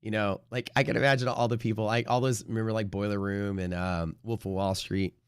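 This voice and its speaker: A man hosting a live day-trading stream, rambling casually with lots of swearing and sudden loud bursts of mock trader shouting. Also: fairly low pitch, flat delivery, brisk, smooth, no echo, clean studio sound.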